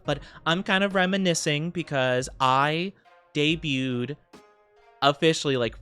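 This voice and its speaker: A man's voice: on the high side, a bit bright, clear, resonant tone. A young man streaming casually, chatting with viewers in a rambling way, with frequent laughs and fillers. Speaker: VTuber streamer. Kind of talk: casual live-stream chat.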